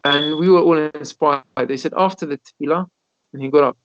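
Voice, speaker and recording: A man, a rabbi, telling stories in a Torah class over a video call, animated and often repeating his words. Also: a little high, brisk. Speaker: rabbi teaching a Torah lesson. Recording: dull lo-fi video call audio.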